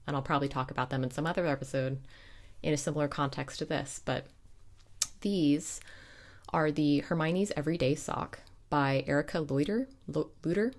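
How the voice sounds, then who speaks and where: A woman's voice: low-pitched, moderate pace. A young adult woman hosting a knitting podcast, chatting casually and wandering off into side stories before correcting herself. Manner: chatty, digressive, self-correcting. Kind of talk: casual chat.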